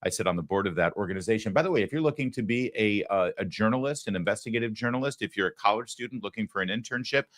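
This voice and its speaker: A man's voice: fairly low pitch, expressive, very fast, few pauses, fairly bright tone, no room sound. A man hosting a political talk show, talking with sarcastic, mocking asides from a studio. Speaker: host.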